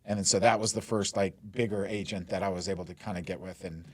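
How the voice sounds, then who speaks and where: A mortgage lender from Denver, USA, in his forties, talks at a quick pace in a low-pitched, steady voice with no room sound. As a guest in a relaxed storytelling interview, he rambles, leans heavily on "like" and "you know," and laughs easily.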